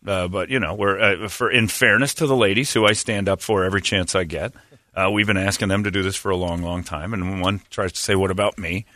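A man's voice: sits low, fairly even intonation, quick pace, pushed and bright, dry recording. A man hosting a morning radio show, joking crudely and laughing often in a studio. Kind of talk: casual crude banter. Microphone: studio mic.

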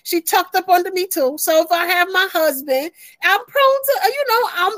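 A very high-pitched woman with a New York accent chats on a podcast. She tells animated family stories and acts out both sides. The sound is close and dry, with no room echo. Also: moderate pace. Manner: animated storyteller acting out family dialogue. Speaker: podcast co-host. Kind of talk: casual chat.

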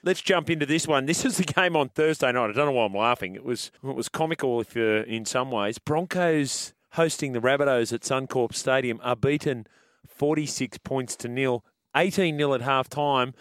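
A man hosting a sports radio show, moderating the panel briskly. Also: mid-range voice, fairly bright tone, no echo, clean studio sound. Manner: brisk, moderating, reads ads. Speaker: radio host.

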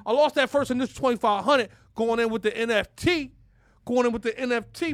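A man's voice: very high-pitched, dry recording, studio quality. A man hosting a podcast in a brash, profane casual rant, constantly asking "you know what I'm saying". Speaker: podcast host.

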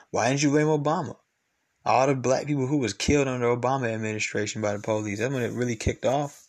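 This podcast host talks fast in a mid-range voice with fairly even intonation, ranting casually, bluntly and profanely while repeating himself and arguing.

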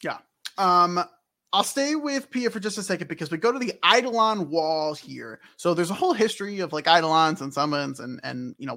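A man's voice: a little high, a bit bright. A man co-hosting a casual podcast recap, chatting animatedly and acting out characters in silly voices. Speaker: podcast co-host.

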